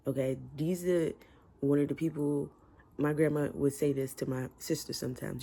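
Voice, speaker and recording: A man's voice: a little high, flat delivery, normal speed, dark tone. A man giving a casual, emotional book review from home, talking candidly with slang. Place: room at home with window open.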